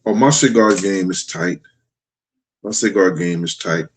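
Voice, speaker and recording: A man's voice: sits low, measured pace, low-quality recording. A middle-aged man hosting a livestream and talking frankly and profanely to his chat. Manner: blunt, profane storytelling. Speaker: livestream host. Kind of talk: casual livestream talk to chat.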